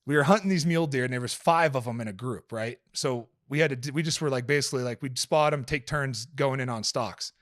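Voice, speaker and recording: A man in a casual podcast chat who tells stories in a loose, rambling way, full of swearing and fillers. His pitch sits in an ordinary middle range, and the recording is dry and close with no room echo. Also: brisk, hardly any pauses, a bit bright. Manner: profane, rambling storyteller with many fillers.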